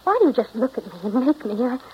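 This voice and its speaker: An actress in 1940s radio drama style playing an impulsive, emotional young woman pleading with her lover, her voice breathy and tearful. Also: fairly high pitch, very animated, quick pace, full character voice. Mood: anguished. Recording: dull lo-fi old radio recording.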